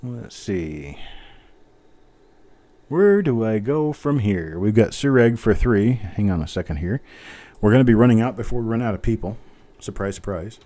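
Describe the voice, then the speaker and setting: Low-voiced guy running a coin auction stream, mellow tone, joking around while he types up bids. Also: animated, normal speed. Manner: chatty, self-mocking, reads out bidders while typing. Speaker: live coin auction host. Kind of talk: casual live-stream auction patter.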